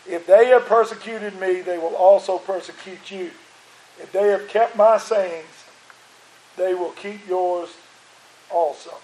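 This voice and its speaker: High-voiced preacher in an echoey church. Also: male voice, fairly even intonation, measured pace, darkish tone. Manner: preaching with rising emphasis and repeated phrases. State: strained voice. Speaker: pastor. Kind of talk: sermon. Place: church sanctuary.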